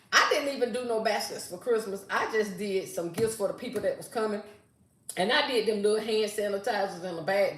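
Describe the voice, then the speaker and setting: An older woman, hosting a casual live stream and chatting sassily with viewers, reading their comments aloud. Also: mid-range voice. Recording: roomy echo.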